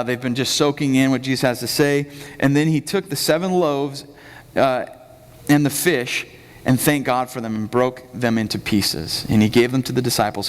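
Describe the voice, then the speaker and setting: A man preaching a conversational sermon as the pastor of a church, telling the story casually and acting out the quotes. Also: medium pitch. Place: church sanctuary. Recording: reverberant church hall.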